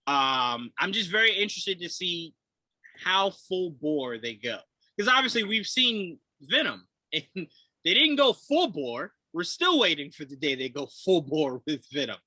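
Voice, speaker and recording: A man co-hosting a casual movie chat, animated, swearing and acting out quotes with laughter. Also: on the high side, a little slow, dry recording, rough recording. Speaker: podcast co-host.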